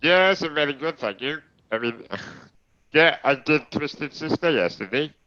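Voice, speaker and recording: A man's voice: fairly high pitch, lively intonation, a little slow, bright, forceful tone, lo-fi sound. A man with a Welsh accent interviewing casually, eager and agreeable. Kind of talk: casual chat.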